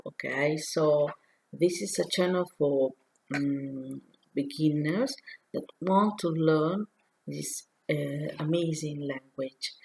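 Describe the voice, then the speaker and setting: A native Italian woman with a clear Italian accent runs an online lesson for beginners. Her voice sits low, and she speaks slowly. She pronounces each word with care so listeners can repeat it. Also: a little mellow, a little hiss or hum, low-quality recording. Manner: slow, careful, pronounces words for repetition. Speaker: Italian teacher. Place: home, sharing a whiteboard on screen.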